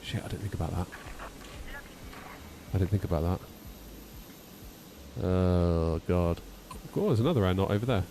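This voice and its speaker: A man's voice: low-pitched, moderate pace, pauses often, dark tone, slight background noise. A man in his thirties, chatting casually on a live stream while running through flight checklists, self-deprecating and talkative. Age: 30s.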